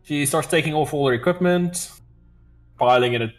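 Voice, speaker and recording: A man's voice: a little high, moderate pace, soft background music. A man narrating as game master in a tabletop game, casual and laughing, with some swearing.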